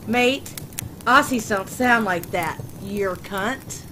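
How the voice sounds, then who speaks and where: A woman's voice: medium pitch, slow pace, pushed and bright. A woman voicing a blunt, bewildered young man with a crude way of talking, over noisy background ambience. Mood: laid-back.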